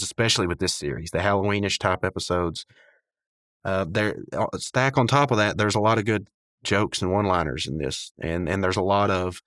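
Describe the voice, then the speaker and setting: A man's voice: on the low side, fairly bright tone, no echo, clean studio sound. A man hosting a podcast, recapping a cartoon episode in a loose, rambling way, full of fillers and little chuckles. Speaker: podcast host.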